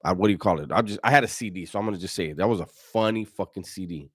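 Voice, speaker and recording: A middle-aged man hosts a loose, casual livestream, swearing freely and piling on street slang as he tells stories and answers viewers. His voice sits on the low side, and the sound is close and dry with no room echo. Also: rapid-fire, a bit bright, breathy edge. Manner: profane, slang-heavy storytelling, frequent restarts. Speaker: livestream host. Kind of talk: casual livestream chat reading viewer donations and comments.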